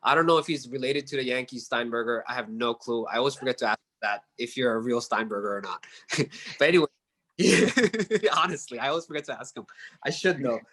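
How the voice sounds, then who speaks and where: A man's voice: medium pitch, brisk, fairly bright tone. A man from New York, a podcast guest, chatting casually and rambling with lots of fillers. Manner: rambling, filler-heavy, keeps asking "you know what I mean". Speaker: podcast guest, card collector. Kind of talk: casual chat.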